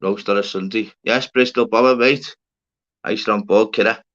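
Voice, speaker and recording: A man's voice: fairly low pitch, fairly even intonation, moderate pace, a bit bright. Rambling man on a livestream. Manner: rambling, swearing, laddish banter with viewers. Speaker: livestream host. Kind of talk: casual livestream chat reading the chat. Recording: dull lo-fi stream audio.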